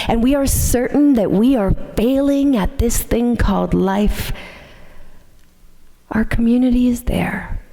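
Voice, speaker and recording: A woman minister delivering a sermon, telling a story in a measured, gentle way. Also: mid-range voice. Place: church sanctuary. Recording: long hall reverb in a church.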